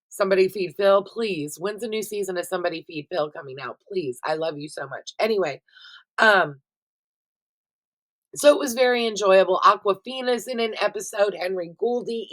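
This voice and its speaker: A middle-aged woman vlogger, chatting casually and expressively to her viewers about what she has been watching, swearing freely as she goes. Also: on the low side. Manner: chatty, expressive and profane, addresses viewers directly. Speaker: vlogger reviewing TV shows. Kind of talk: casual chatty recap vlog.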